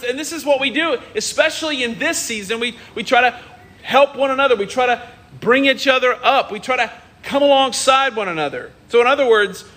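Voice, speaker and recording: A man's voice: very high voice, bright, forceful tone. A male pastor preaching a sermon on a church stage, earnest and emphatic, often repeating himself. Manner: earnest, emphatic, with many repetitions.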